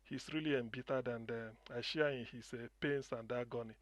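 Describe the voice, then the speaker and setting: A man's voice: medium pitch, steady tone, fairly quick, dry recording. Impassioned Nigerian man caller. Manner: impassioned, repetitive, restarts often. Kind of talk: passionate call-in commentary.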